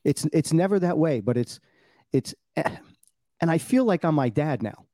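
A man's voice: fairly high pitch, lively intonation, moderate pace, dark tone, no echo. A man in his sixties hosting a podcast, chatting in an easygoing way and agreeing with his guest. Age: 60s. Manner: easygoing, agreeing, laughing along. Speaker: podcast host. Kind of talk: casual podcast chat.

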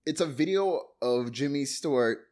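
A man's voice: mid-range voice, expressive, normal speed, a little mellow. A man co-hosting a casual movie recap, talking animatedly, laughing often and acting out quotes. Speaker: podcast co-host.

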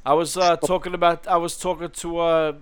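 A man's voice: fairly high pitch, level tone, clean tone. A man co-hosting a podcast in casual chat, stumbling over his words and chuckling as he talks. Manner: halting, restarts sentences, chuckling. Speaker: podcast co-host.

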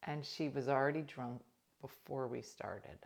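A woman with a low voice hosts a casual livestream, chatting with viewers. She tells a story in a gossipy way and sometimes drops to a hush for an aside. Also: a little slow, vocal fry. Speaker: livestream host. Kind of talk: casual chat reading viewer comments.

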